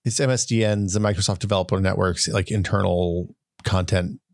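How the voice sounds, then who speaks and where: A man's voice: sits low, steady tone, a little fast, vocal fry, no room sound, clean studio sound. A man co-hosting a tech podcast, chatting casually and explaining things with jokes and tangents. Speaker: podcast co-host. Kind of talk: casual chat.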